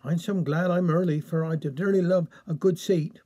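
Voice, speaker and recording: A Cornish storyteller reads an old village tale in broad dialect, playfully taking on the voices of the chapel folk. His high voice is mellow and soft-edged, with fairly even intonation and normal speed. His delivery is folksy and good-humoured.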